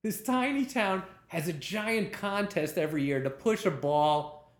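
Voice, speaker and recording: A man, a television comedy writer, telling behind-the-scenes anecdotes in a lively way, laughing as he talks and acting out what people said. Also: high-pitched, measured pace, roomy sound. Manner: lively storyteller, laughs while talking, acts out quotes.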